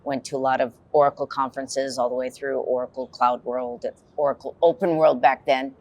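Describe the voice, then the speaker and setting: A woman's voice: extremely low pitch, fairly even intonation, a little fast, darkish tone. A woman on a podcast panel, telling a story in a chatty, wry way. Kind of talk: casual panel chat.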